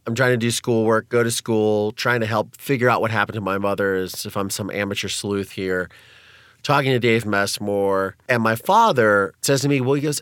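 A man's voice: fairly low pitch, normal speed, fairly bright tone, smooth, no room sound, studio quality. A man telling his life story as a guest, candid and conversational, with nervous laughs and frequent fillers.

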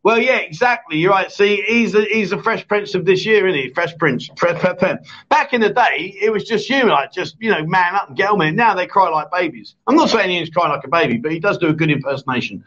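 Picture a man with a notably high voice running a casual live-stream chat show. He rambles, jokes and ribs his co-host between viewer comments. The audio sounds dull and lo-fi, like a stream mic. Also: expressive, a little fast, hardly any pauses, a bit bright. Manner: joking, teasing, rambling.

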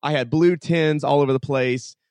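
His voice is a little high and his speed normal as this podcast guest tells stories casually and animatedly in an interview. He acts out lines of dialogue and uses "like" often; no room sound is audible.

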